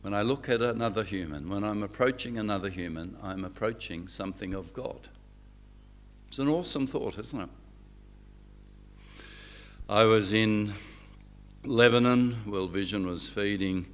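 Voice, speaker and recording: A man's voice: on the low side, slight background noise. A man, a reverend giving a public lecture with stories and rhetorical questions. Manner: lively storyteller, rhetorical questions.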